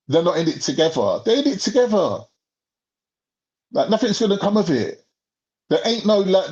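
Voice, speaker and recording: Young man, somewhat high voice, heated, profane, rhetorical, casual rant. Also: darkish tone, poor audio.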